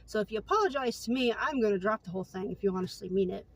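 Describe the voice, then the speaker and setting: A woman's voice: medium pitch, expressive, rapid-fire, a little hiss or hum. A woman in her late twenties telling a personal story in a casual vlog, candid and earnest, with lots of fillers. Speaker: vlogger.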